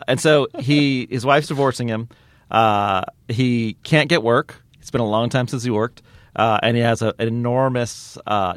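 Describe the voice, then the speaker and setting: A male podcast host retelling something in an animated way, full of restarts and fillers. His voice sits at an ordinary middle pitch. The sound is dry and close to the mic. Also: dry recording. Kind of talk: casual chat.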